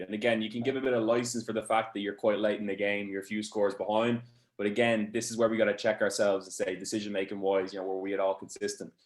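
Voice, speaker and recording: A man's voice: on the low side, roomy sound. A man hosting a rugby coaching webinar, steadily explaining attack and defense over match clips. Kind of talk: webinar analysis.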